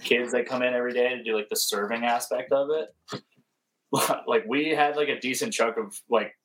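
A man's voice: mid-range voice, steady tone, normal speed, a bit bright, a little hiss or hum, poor audio. A man guest on a casual podcast, chatting with frequent laughs and fillers. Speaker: guest musician. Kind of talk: casual chat.

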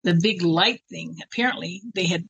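A woman with a husky voice telling a personal story in a rambling way, full of fillers and restarts. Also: on the low side, normal speed, fairly bright tone, no room sound, muffled recording. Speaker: interviewee.

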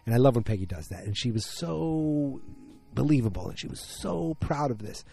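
A man's voice: mid-range voice, lively intonation, normal speed, gravelly, mellow, faint music behind. A man casually recapping a TV episode, rambling and correcting himself mid-sentence in loose, slangy talk.

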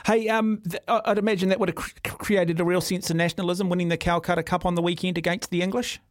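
A man's voice: high-pitched, flat delivery, fast, no echo, clean studio sound. A man hosting a radio interview, brash and joking, who often stumbles and repeats words. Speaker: radio host.

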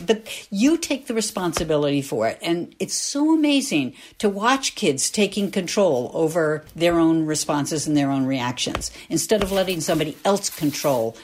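Animated older woman explaining thoughtfully. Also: medium pitch, slight background noise. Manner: reflective, explanatory, with restarts. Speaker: guest, former school nurse. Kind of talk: casual conversation.

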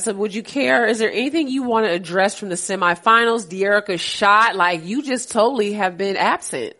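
A woman with a mid-range, bright, forceful voice hosts a laid-back sports podcast, talking a little fast with few pauses. She's chatty and playful, though a cold makes her sound stuffy and nasal.

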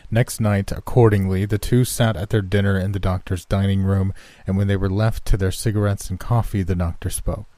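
Male horror narrator; deep, dark, measured. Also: fairly even intonation, dry recording. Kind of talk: scripted narration.

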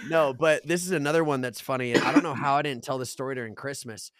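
A young man co-hosting a podcast, telling stories in a casual chat, animated and laughing, swearing and acting out quotes. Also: mid-range voice, fast talker, over a noisy crowd. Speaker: podcast co-host.

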